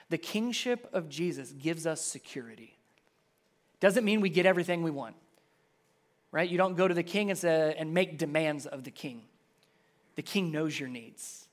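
A man in his thirties, a pastor preaching a sermon in a conversational way. He goes quiet and low on key lines and climbs high and loud when telling a family story.

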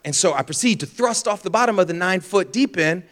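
A young man preaching a sermon, telling a funny childhood story with lively shouts and gasps, then turning reflective. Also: sits high, fast talker. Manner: animated storyteller, acts out scenes with shouts and gasps. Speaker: pastor. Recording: long hall reverb.

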